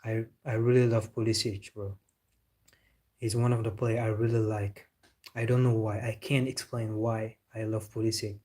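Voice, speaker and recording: A man's voice: on the low side, flat delivery, normal speed, mellow. A man from Senegal hosting a football live stream. He chats casually, answers viewer comments, jokes and says "bro" a lot. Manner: laid-back, joking, says "bro" often.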